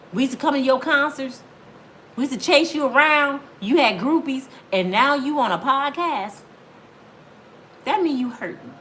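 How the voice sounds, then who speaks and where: Animated woman dishing celebrity gossip. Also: fairly high pitch, a little hiss or hum. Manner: chatty, talks straight to viewers. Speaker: gossip channel host.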